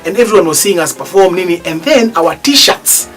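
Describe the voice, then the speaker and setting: A gospel singer from East Africa, a man, telling stories animatedly in an interview, bursting into loud exclaims when excited. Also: sits high, moderate pace, faint music behind.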